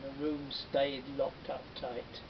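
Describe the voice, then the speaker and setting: A man telling a folktale with lively, animated narration. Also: slow. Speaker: storyteller. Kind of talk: folktale storytelling. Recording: dull distant recording with faint rumble.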